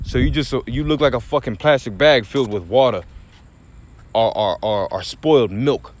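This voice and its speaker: A man's voice: mid-range voice, normal speed. A man delivering an impassioned, profane religious rant, repeating himself for emphasis with faint vehicle noise behind. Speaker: street preacher.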